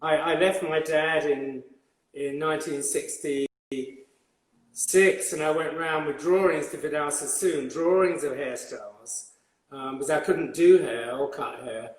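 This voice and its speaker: An older Englishman, a guest hairdresser, tells stories in a relaxed conversational interview. He has a refined, old-fashioned upper-class accent and a voice a little high for a man, and he rambles haltingly with plenty of repeats and fillers. The room is echoey.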